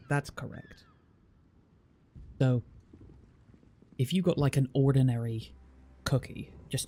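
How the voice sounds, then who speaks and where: A man's voice: medium pitch, vocal fry, mellow, slight background noise. A British man streaming, chatting casually with viewers and explaining at length, with a lot of restarts. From Britain. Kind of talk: casual chat reading viewer comments.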